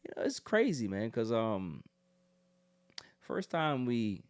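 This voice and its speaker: A man voicing a young college man who quietly confides about a girlfriend, speaking low and hushed. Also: big pitch swings, slow, clean tone. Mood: confiding.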